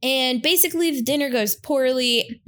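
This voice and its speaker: Woman, high voice, chatty recap host who slips into character lines. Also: normal speed. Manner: animated storytelling, acts out characters' lines. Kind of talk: casual chat recapping a film.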